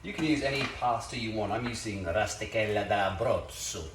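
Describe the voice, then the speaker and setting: Low-voiced man hosting a chatty cooking vlog. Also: normal speed, heavy background noise. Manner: playful, chatty, jokey asides. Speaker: cooking show host. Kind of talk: casual cooking demonstration. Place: home kitchen. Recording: echoey kitchen with clattering pans.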